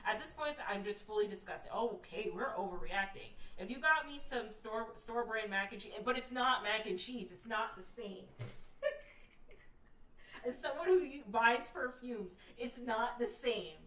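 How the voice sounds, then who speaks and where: A woman's voice: on the high side, lively intonation, unhurried, fairly bright tone, echoey room, recorded from a distance, a little hiss or hum. A woman streamer giving casual commentary while reading online stories aloud. She is frank and emphatic, swears casually, and laughs often. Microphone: streaming setup.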